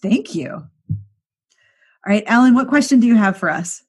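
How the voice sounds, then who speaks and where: A woman hosting a casual podcast chat, talking wryly and exclaiming with quick laughs. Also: fairly high pitch, lively intonation, breathy edge. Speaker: podcast host.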